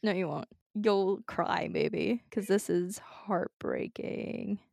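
A woman's voice: medium pitch, slow pace, vocal fry, darkish tone, no room sound, clean studio sound. A woman co-hosting a podcast in casual chat, giggly and emotional, laughing often. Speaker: podcast co-host.

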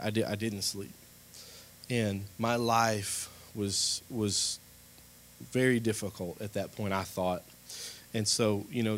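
A man preaching a sermon and telling his own story, his voice often rising and growing loud at emphatic points. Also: mid-range voice. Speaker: pastor. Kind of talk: sermon with personal testimony.

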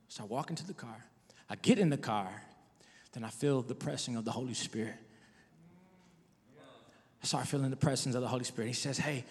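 A man's voice: mid-range voice, vocal fry, long reverb tail. A middle-aged male pastor preaching a sermon, telling his own story and urging listeners with rising emphasis. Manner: testimonial preaching, shifting from soft to emphatic.

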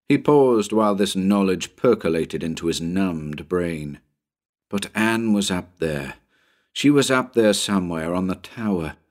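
Deep-voiced man narrating a horror story. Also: a little mellow. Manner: measured, suspenseful storytelling. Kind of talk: dramatic audiobook narration.

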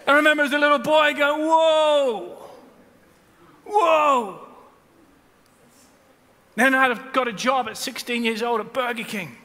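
A man, preaching a sermon and telling stories with loud bursts and hushed asides. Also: very high-pitched, fast talker, hardly any pauses, big-room sound. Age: 40s. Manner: animated storytelling, swings between loud bursts and hushed asides. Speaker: pastor. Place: large church hall.

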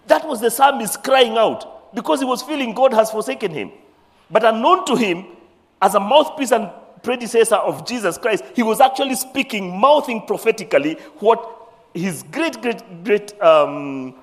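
A man preaching a sermon as a bishop, animated, acting out the voices of scripture figures and dropping into Swahili phrases. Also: high voice. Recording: long hall reverb.

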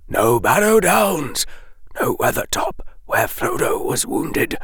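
A man voicing a stern, sad old male wizard headmaster who speaks in hushed, half-whispered tones. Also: medium pitch, creaky, husky, no room sound, studio quality, voice pushed up, heavily acted.

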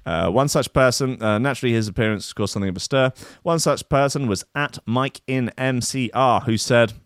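A man's voice: mid-range voice, brisk, no echo, clean studio sound. Giggly man riffing on news. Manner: wry, giggly, mocking asides. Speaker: podcast host. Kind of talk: comedic news-reading chat.

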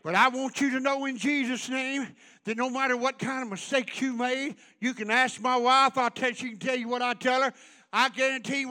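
A man preaching a fiery revival sermon, building into shouted, repeated runs in a church. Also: very high-pitched. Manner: preaching in rising shouted runs, repetitive cadence. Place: church sanctuary.

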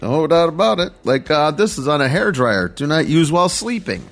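A man's voice: a little high, sing-song, moderate pace, a bit bright, soft background music. A man co-hosting a comedy radio show, reading odd items and dryly groaning at his partner's jokes in casual banter. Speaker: radio co-host.

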